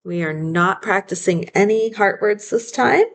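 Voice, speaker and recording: A woman's voice: medium pitch, unhurried. A woman teaching a phonics lesson, patiently sounding out words syllable by syllable and correcting herself with small apologies. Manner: self-correcting, apologetic asides. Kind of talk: phonics lesson, slow dictation.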